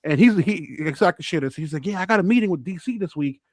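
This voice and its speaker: Guy with a high voice telling stories, does everybody's voices, dry close sound. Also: expressive, fast talker, dry recording. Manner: acts out quotes in different voices, laughs a lot. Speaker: podcast co-host. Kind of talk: animated storytelling chat.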